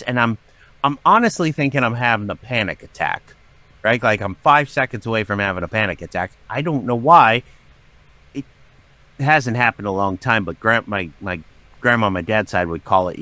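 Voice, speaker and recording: A middle-aged man, a podcast guest, telling a story with lots of swearing and dramatic acted-out shouting. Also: fairly low pitch, animated, moderate pace, no room sound. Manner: profane, dramatic, acts out his own shouting. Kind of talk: animated storytelling.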